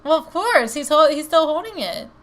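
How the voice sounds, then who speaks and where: A woman banters and teases while a football video game plays, her voice high and lively. Her tone is bright and forward, with a slight hiss behind it. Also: normal speed. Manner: teasing, playful banter. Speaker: co-host. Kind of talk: casual chat over a video game.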